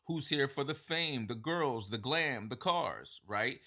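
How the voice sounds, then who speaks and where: A man's voice: mid-range voice, sharp tone. A man hosting a podcast, talking casually and affirming his guest with upbeat, slangy praise. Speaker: podcast host. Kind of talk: casual interview talk.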